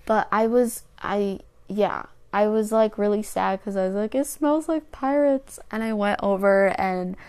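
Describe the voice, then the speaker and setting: A woman's voice: mid-range voice, little pitch movement, normal speed, hardly any pauses, darkish tone, clear, resonant tone. Chatty young woman rambling a story. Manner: rambling and chatty, many fillers and restarts. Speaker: podcast host. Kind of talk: casual storytelling monologue.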